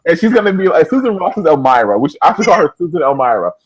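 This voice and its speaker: A man's voice: fairly high pitch, sing-song, fast talker, a loud crowd, rough recording. A man co-hosting a TV recap podcast, bantering with enthusiasm. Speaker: podcast co-host. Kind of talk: TV episode recap chat.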